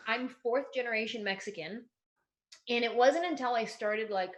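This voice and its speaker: A woman's voice: a little high, normal speed, muffled recording. A woman comedian in her thirties, talking casually in an interview and acting out quoted voices as she gives advice. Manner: animated, acts out quoted voices. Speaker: comedian guest.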